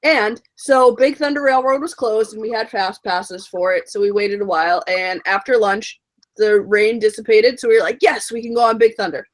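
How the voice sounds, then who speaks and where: A woman guest on a casual podcast, telling stories with lively enthusiasm. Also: mid-range voice, normal speed. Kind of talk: casual chat, telling a story.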